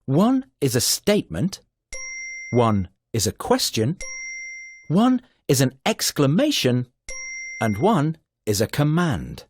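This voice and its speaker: A man narrating a children's grammar video in a slow, sing-song scripted style with a husky voice. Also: mid-range voice, huge pitch swings, a little hiss or hum.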